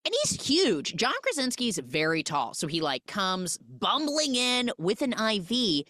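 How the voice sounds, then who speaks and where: A woman's voice: medium pitch, sing-song, measured pace, a bit bright, no echo, studio quality. A woman hosting a podcast, casually and comically recapping a film and quoting its characters in mock voices.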